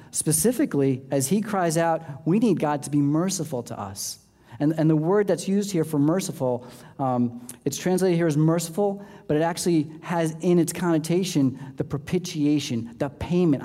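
A man preaches a sermon with a warm, mellow, fairly high voice. He keeps it conversational, often checking in with "okay?" and "right?" and laughing between points. The sound carries a long reverb, as if it were in a church hall. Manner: laughs between points, lively swings in pitch. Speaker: pastor.

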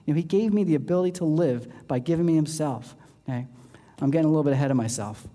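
A man preaches a sermon with a warm, mellow, fairly high voice. He keeps it conversational, often checking in with "okay?" and "right?" and laughing between points. The sound carries a long reverb, as if it were in a church hall. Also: fast talker. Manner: laughs between points, lively swings in pitch. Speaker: pastor.

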